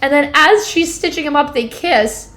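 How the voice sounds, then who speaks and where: A podcast co-host in her twenties speaks at normal speed in a high, fairly bright voice. She chats casually about a book she's summarizing, leaning on "like" and reacting with dramatic disgust.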